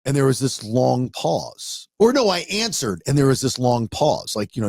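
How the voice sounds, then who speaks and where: A man's voice: mid-range voice, big pitch swings, normal speed, creaky, darkish tone, dry recording, clean studio sound. A middle-aged man hosting a podcast, telling a story with animation and acting out both sides of a conversation. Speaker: podcast host.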